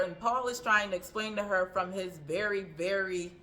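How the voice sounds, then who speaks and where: A woman's voice: medium pitch, moderate pace, pushed and bright, faint music behind. A woman hosting a casual movie recap, chatty, with frequent ums, laughs and asides.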